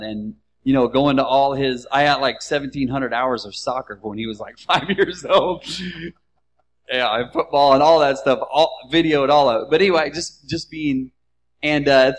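A man in his thirties sharing a personal testimony in church, halting and emotional as he talks about being a father. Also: fairly high pitch, fairly bright tone. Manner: halting, emotional, restarts often.

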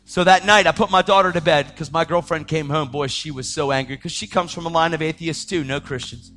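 Animated man telling his testimony. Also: on the high side, a little fast, soft background music. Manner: animated, acts out quoted voices, slips into shouts; casual slang, calls listeners dude. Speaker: preacher giving his testimony. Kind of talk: testimony sermon.

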